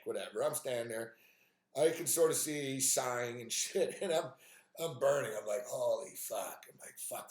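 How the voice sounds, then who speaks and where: A man's voice: on the high side, fairly bright tone, echoey room. A man hosting a live stream, telling an exasperated, profane story with lots of fillers. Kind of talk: profane ranting monologue.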